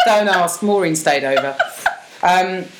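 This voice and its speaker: A woman with a cold and a husky voice, co-hosting a casual comedy podcast in a jokey, self-mocking way. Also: fairly low pitch, measured pace. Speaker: podcast co-host. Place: conservatory of a house. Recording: echoey room, heavy hiss.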